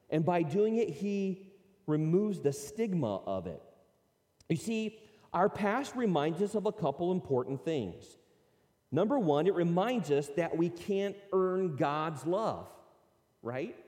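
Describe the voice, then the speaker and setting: A man's voice: a little high, warm tone. A man preaching a sermon as pastor, conversational, acting out imagined prayers and objections. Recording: long reverb of a large hall.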